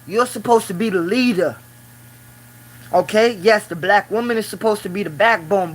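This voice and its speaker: A man's voice: high-pitched, normal speed, low-quality recording. A man hosting a casual live stream from his small office at work, talking in loose phrases full of "you know". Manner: talks in loose run-on phrases, many "you know" fillers; grows loud and preaching when riled. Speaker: livestreamer.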